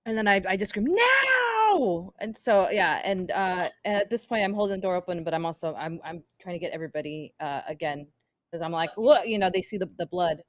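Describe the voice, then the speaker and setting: A woman playing a tabletop game, describing her character's actions in an animated way. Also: fairly low pitch, quick pace, no room sound, studio quality. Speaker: player.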